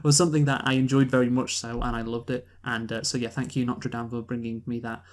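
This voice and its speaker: Halting, sarcastic man reviewing films. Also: medium pitch, flat delivery. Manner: halting, many fillers and restarts, dry sarcastic humor. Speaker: podcast co-host. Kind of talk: casual movie review chat.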